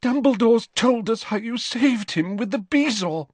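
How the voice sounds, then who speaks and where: A man's voice: animated, unhurried, no echo, full character voice. Mrs Weasley, sobbing motherly woman voiced by a man. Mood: tearful, overwhelmed. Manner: sobbing, high and loud. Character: tearful motherly middle-aged woman.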